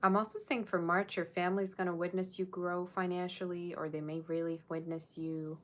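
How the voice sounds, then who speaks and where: A woman's voice: fairly low pitch, little pitch movement, moderate pace, fairly bright tone. A woman giving a casual live-streamed tarot reading, chatting straight to her viewers in a musing, tentative way. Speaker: tarot reader.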